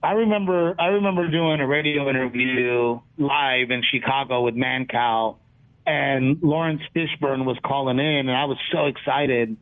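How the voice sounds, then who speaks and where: A man, a comedian guest in a casual interview, telling lively stories and acting out what people said. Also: medium pitch, normal speed. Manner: animated storyteller, acts out quotes. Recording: tinny phone-like line.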